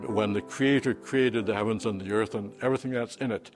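A man's voice: lowish voice, steady tone, a little fast, faint music behind. A man preaching an unscripted sermon, emphatic, with fillers and restarts.

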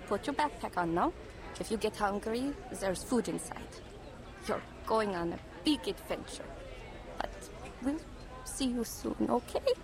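A woman plays an anxious mother in a radio drama whose voice carries a gravelly edge and often drops to a hushed tone. Her pitch is middling, and a clear hiss runs under the recording. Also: lively intonation, unhurried. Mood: tender. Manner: worried, hushed. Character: anxious Jewish mother sending her son away.

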